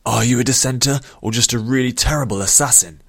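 A man voicing a cruel male army general who snarls and booms with contempt. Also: a little fast, a bit bright, dry recording, studio quality. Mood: snarling.

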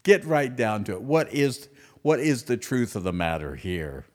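A middle-aged man hosting a podcast, delivering an animated comic monologue that swings from loud outbursts to hushed asides. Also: mid-range voice, normal speed. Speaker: podcast host.

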